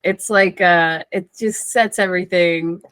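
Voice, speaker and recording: A woman's voice: lowish voice, steady tone, a little slow, fairly bright tone, no echo. A woman co-hosting a casual movie podcast, talking at an easy pace and laughing often. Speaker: podcast co-host.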